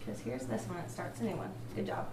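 A woman's voice: lowish voice, sing-song, fast. Patient woman teaching music in an echoey room. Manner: patient, encouraging, sings short phrases to demonstrate. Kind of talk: classroom music demonstration. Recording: echoey room with faint ambient noise.

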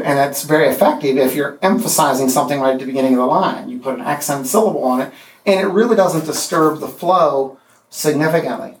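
A man teaching a poetry class, speaking haltingly with restarts and counting out the beats of meters. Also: fairly high pitch. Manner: halting, many restarts and fillers, counts out rhythms. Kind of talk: classroom lecture. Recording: echoey room from far off.

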